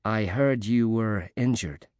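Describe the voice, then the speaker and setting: A male narrator voicing a cheery young American woman athlete who speaks brightly and teases gently. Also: lowish voice, slow pace, no echo. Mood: cheery, earnest.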